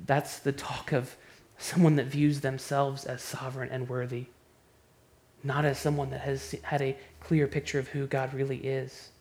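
A man preaching a sermon, moving between hushed, quiet passages and loud, impassioned ones, often restarting his words. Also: mid-range voice, level tone, normal speed. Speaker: pastor.

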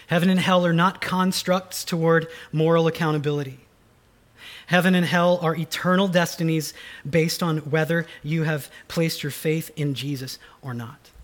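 A man's voice: on the high side, steady tone, normal speed. A man preaching a sermon, reading scripture and then explaining it earnestly and with emphasis. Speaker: pastor.

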